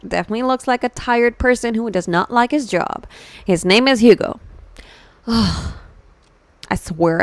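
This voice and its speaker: A woman with an Indian accent streaming a horror game live, excitable and switching between Hindi and English. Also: mid-range voice, no echo.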